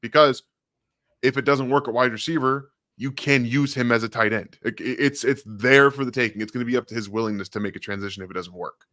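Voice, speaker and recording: A man speaking as a guest football analyst in casual chat, giving quick, enthusiastic draft takes. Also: mid-range voice, bright, forceful tone, no room sound, clean studio sound.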